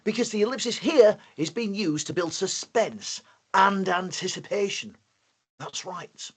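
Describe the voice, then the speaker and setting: A man with a Yorkshire accent presenting a playful, excitable live online lesson for primary school children. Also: sits high, measured pace, background noise.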